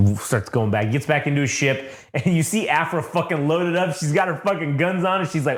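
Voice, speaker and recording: A man co-hosting a casual comic book review chat, swearing constantly and excitedly retelling scenes. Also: brisk, hardly any pauses, reverberant. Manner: excited, swears constantly, acts out quotes in deep voices. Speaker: comic book podcast co-host.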